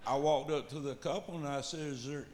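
A man's voice: a little high, fairly even intonation, brisk, darkish tone, slight background noise. A man telling an earnest, folksy testimony to his church. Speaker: church member giving testimony. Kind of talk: storytelling testimony.

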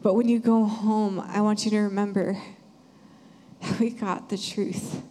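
A young woman sharing an earnest, animated church testimony. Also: medium pitch, unhurried. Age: young adult. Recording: hall reverb.

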